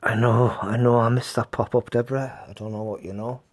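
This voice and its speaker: A man's voice: mid-range voice, fairly even intonation, a little fast. A man hosting a live stream, telling rambling stories to his chat, laughing often and swearing freely. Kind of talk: casual storytelling to live chat.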